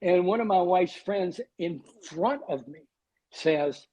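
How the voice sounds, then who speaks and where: A man's voice: high-pitched, normal speed, warm tone, low-quality recording. A man in his sixties, a guest on a podcast, telling wry, self-deprecating stories. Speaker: guest, TV weatherman. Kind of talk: storytelling in a podcast interview.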